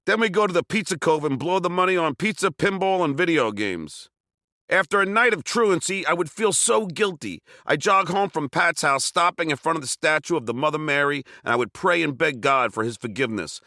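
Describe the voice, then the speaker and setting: A man from Long Island reading his own memoir aloud, telling it with wry, self-mocking humor and bursts of shouted dialogue. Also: a little high, lively intonation, fairly quick, dry recording, studio quality. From Long Island, New York. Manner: wry, self-mocking comic storytelling with sudden shouted quotes. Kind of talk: audiobook memoir narration.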